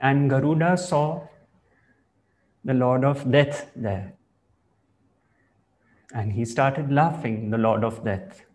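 A man giving a spiritual discourse as a teacher, in measured, reflective phrasing. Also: mid-range voice, a little mellow.

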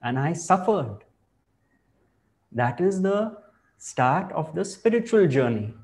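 Slow, reflective male spiritual teacher. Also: fairly high pitch, sing-song, a little mellow. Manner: measured, reflective, deliberate phrasing. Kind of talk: spiritual discourse.

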